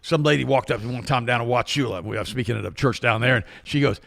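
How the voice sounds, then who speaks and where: An older man co-hosting a health talk show, telling stories in a casual, animated way and acting out the people he quotes. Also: medium pitch, quick pace, creaky, hardly any pauses. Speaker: co-host. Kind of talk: casual storytelling chat.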